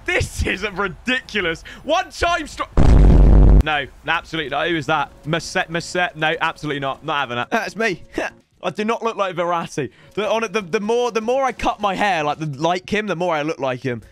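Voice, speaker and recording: A young man giving chatty, rambling commentary while opening game packs, bursting into shouts at good pulls. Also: fairly high pitch, expressive, a little fast, faint music behind. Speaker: gaming YouTuber. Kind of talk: excited pack-opening commentary.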